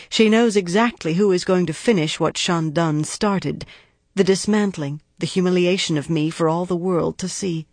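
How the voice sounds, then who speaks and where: A woman's voice: on the low side, a little mellow, no room sound. A woman reading a first-person audiobook narration in a weary, subdued, inward way.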